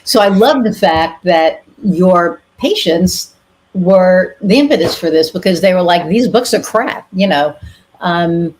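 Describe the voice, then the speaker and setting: A woman's voice: fairly low pitch, lively intonation, a little slow, a little mellow. A woman podcast host chatting candidly, telling a personal story with casual swearing and lots of fillers. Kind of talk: casual interview chat.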